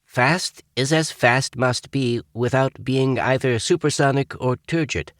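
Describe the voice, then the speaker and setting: A man's voice: mid-range voice, unhurried, a bit bright, no echo, studio quality, voice pushed up, lightly acted. A man voicing a dutiful young male cadet candidate reciting a manual by rote. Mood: earnest.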